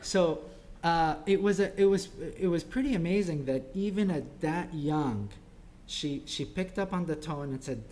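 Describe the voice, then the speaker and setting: A man giving an informal parenting talk at a church, halting with many ums and restarts, dropping softly into quoted voices. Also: a little high, slight background noise.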